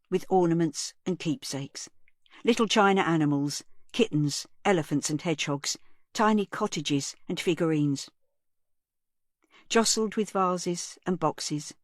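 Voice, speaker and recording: A woman with a low voice narrates an audiobook from a script. The studio sound is clean, with no echo.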